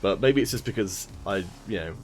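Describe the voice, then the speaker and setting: A man's voice: fairly low pitch, expressive, fairly quick. Joking male stream caster over faint music. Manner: joking, self-mocking, greets chat by name. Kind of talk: casual stream commentary.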